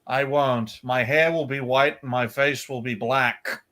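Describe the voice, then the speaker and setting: A man co-hosting a casual livestream panel over a video call, teasing the others and reading text aloud haltingly. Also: mid-range voice, fairly even intonation, bright, forceful tone. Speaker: co-host.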